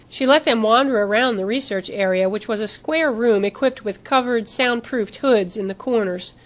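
A woman narrating a novel in an even, steady scripted reading. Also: on the high side, moderate pace, hardly any pauses. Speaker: audiobook narrator.

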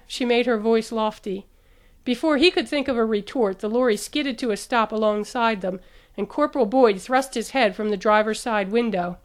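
A woman narrating an audiobook in a steady, even storytelling manner. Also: on the high side, normal speed.

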